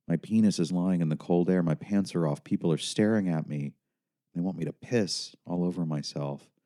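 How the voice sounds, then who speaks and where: A man's voice: low voice, warm tone. A man narrating his own memoir in an intense, confessional manner. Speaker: author and narrator.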